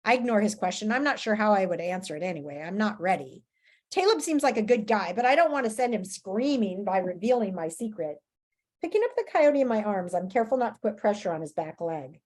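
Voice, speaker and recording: Expressive woman reading a storybook aloud. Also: medium pitch, brisk. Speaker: story reader. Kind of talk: reading a children's book aloud.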